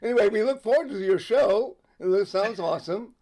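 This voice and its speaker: A man hosting an interview over a video call, enthusiastic and quick to affirm and laugh. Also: high-pitched, expressive, warm tone. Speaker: interviewer, host. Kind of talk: casual interview chat.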